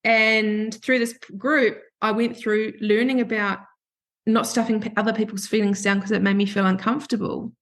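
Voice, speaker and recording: A woman's voice: mid-range voice, flat delivery, normal speed, a bit bright. A woman hosting a podcast, telling a candid personal story in a chatty, emotional way and acting out what people said. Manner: chatty and emotional, acts out quoted voices. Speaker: podcast host.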